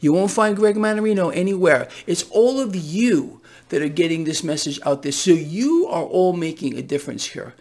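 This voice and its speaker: A man's voice: high voice, animated, moderate pace, hardly any pauses, darkish tone. Emphatic ranting male market commentator. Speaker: financial commentator host. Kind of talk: casual market commentary vlog.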